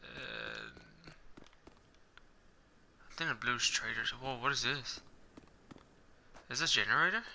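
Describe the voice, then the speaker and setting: Excitable young man narrating gameplay. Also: slow, vocal fry, pauses often, slight background noise. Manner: excitable, makes high-pitched "pew pew" gun noises. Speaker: gaming video host. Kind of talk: casual gameplay commentary. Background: game music.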